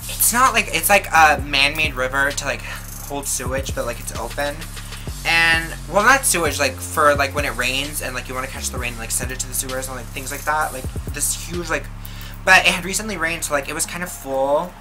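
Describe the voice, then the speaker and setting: A woman's voice: low voice, a little fast, low-quality recording. A young woman vlogger telling a casual storytime, chatty and swearing, with constant filler words. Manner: chatty, filler-heavy, profane. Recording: music playing behind the voice.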